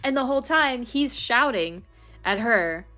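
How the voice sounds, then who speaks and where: A woman's voice: on the high side, animated, a little slow, pushed and bright, faint music behind. A woman in casual chat, animatedly retelling a roleplay scene and swearing freely. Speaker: roleplayer interviewee.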